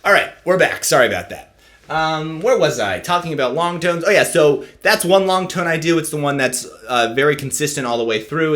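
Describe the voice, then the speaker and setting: Speaking at a fairly high pitch, this man teaches saxophone in an easygoing instructional video. He walks through how he practices and frequently tosses in a "right?" to check that you're following.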